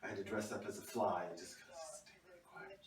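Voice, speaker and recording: A man playing a long-suffering middle-aged wife in a comedy sketch, telling her story quietly and drily. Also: on the low side, very animated, fast talker, voice pushed down. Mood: wry. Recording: echoey, mic far off.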